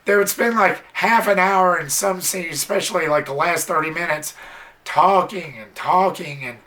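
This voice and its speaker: A movie reviewer giving a casual, blunt spoken film review, exasperated and swearing a little, sometimes jumping into high squealing impressions. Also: normal speed, pushed and bright. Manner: mimics characters in sudden high squeals.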